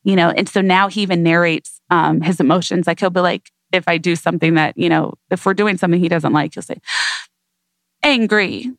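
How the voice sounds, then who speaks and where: A woman's voice: fairly low pitch, steady tone, quick pace, gravelly, few pauses, no echo. A woman speaking as an interview guest, a mother talking in an earnest, reflective way, often saying "you know" and "right?". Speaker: mother of a toddler. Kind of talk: conversational interview.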